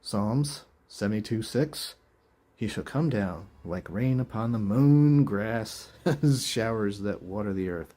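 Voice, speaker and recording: Husky man, incredulous commentary. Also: fairly low pitch, lively intonation, slow pace, warm tone. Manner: incredulous, chuckling, rhetorical questions. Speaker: video host. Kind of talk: casual commentary reading verses.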